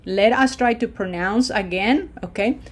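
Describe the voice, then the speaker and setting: A woman teaching a language lesson, modeling words slowly for repetition and checking in with frequent "okay?". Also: medium pitch. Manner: patient, drawn-out model phrases for repetition. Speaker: Spanish teacher. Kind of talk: slow pronunciation lesson.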